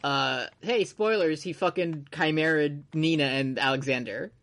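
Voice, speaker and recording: A mid-pitched voice retells a story on a casual podcast. The delivery is loose and animated, with swearing and laughter mixed in. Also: measured pace. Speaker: podcast co-host. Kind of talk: casual chat recapping an anime.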